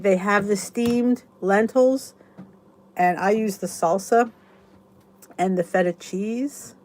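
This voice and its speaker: A middle-aged woman hosting her channel, chatting casually and enthusiastically to viewers in a rambling way. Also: medium pitch. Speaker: YouTube channel host.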